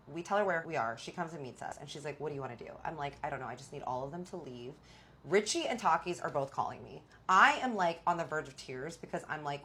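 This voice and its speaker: A young woman telling a personal story in a casual, animated way, acting out the dialogue. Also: sits low, a little hiss or hum. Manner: animated, dramatic retelling with quoted dialogue.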